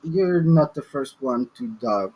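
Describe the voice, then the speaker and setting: A man's voice: medium pitch, animated, noisy background. A man playing a tabletop game, speaking hesitantly and stopping often to say "well". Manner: hesitant, halting with many "well"s. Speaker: player. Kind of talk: in-character tabletop play.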